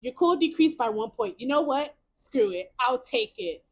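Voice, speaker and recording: A young woman streamer reads a choice-based story game aloud at normal speed, reacting in excited, exclamatory bursts. Her fairly high voice swoops up and down a lot, and surprises make her pile up repeated words.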